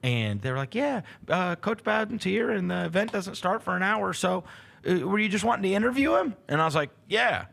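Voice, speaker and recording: A middle-aged man tells a long, rambling story on his sports talk show. His voice is bright and a bit gravelly, and his pitch swings up and down as he talks, full of fillers and restarts. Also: big pitch swings, brisk. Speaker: host.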